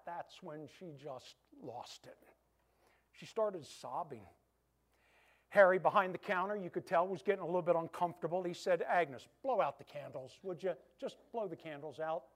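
A male preacher with a notably high voice tells a story in a sermon. He retells it through quoted dialogue, keeping it animated and moving.

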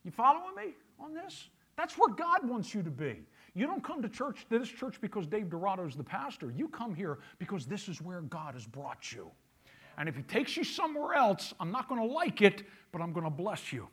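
A man's voice: high-pitched, big pitch swings, moderate pace, a bit bright, husky. A male pastor preaching a sermon, emphatic, repeating key phrases and asking the congregation questions.

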